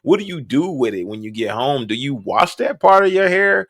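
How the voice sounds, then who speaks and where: Bright, blunt man on a podcast mic. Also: a little high, big pitch swings, normal speed, no echo, clean studio sound. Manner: blunt, slangy and emphatic. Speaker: podcast host. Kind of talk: reaction commentary.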